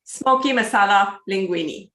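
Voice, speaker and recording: Chatty woman cooking host, bright and a bit high, in an echoey kitchen on a video call. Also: measured pace. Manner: chatty, laughs often, self-correcting. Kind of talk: casual cooking demo chat. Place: home kitchen.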